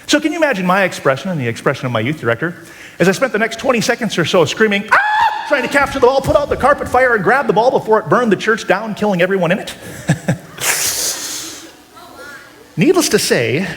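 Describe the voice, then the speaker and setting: Male inspirational speaker and juggler. Pitched high, very animated, a dramatic storyteller working a live crowd. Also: a little fast. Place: large room with a high ceiling before a live audience.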